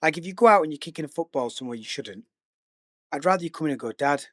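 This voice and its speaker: A man's voice: a little high, lively intonation, racing, a bit bright, dry recording, clean studio sound. A middle-aged man, co-hosting a casual podcast chat and thinking aloud about parenting while acting out conversations. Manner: reflective, acts out dialogue in anecdotes. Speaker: podcast co-host.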